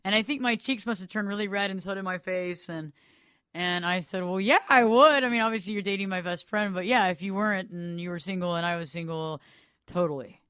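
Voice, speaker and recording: A woman host tells a personal story straight to the listener, animated and chatty as she acts out who said what. Her voice is smooth and clear, recorded close and dry with no room sound. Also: fairly low pitch, brisk, dry recording. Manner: animated storyteller acting out quoted dialogue; casual, excited, filler words. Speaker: radio podcast host.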